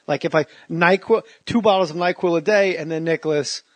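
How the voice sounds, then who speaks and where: A man's voice: a little high, a little fast, dry recording. A man hosting a comedy podcast from his home, chatting loosely and jumping into silly mock voices. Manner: loud, jokey, slips into mock voices. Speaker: podcast host. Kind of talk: casual comedic chat.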